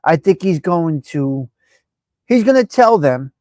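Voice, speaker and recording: A man hosting a casual live-stream chat, brash, profane and animated as he talks back at viewers by name. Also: a little high, takes it slowly, dry recording. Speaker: live show host.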